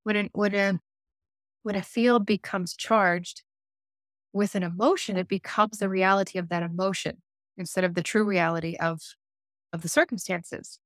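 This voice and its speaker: Female life coach, interview guest, lively storyteller, mid-pitched, dry recording. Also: moderate pace, dry recording. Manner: animated, acts out dialogue in her stories; frequent self-restarts and fillers.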